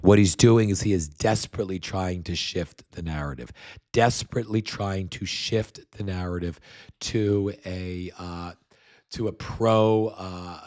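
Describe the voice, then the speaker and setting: A man's voice: sits low, a little mellow. A man hosting a political commentary show, ranting scornfully with profanity and many restarts while getting over a cold. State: recovering from a cold. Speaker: podcast host.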